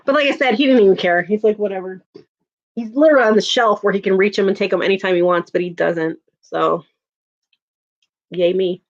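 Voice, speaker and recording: A woman's voice: medium pitch, fairly quick. A woman in her thirties hosting a casual livestream, chatting with viewers and laughing often. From Chicago area, USA. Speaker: livestream host. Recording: dull lo-fi home stream audio.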